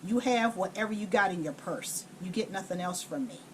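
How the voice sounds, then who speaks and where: A woman quoting an angry older man in a story, speaking low, clipped and furious as she tells him off. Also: fairly quick, slight background noise, lightly acted. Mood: cold.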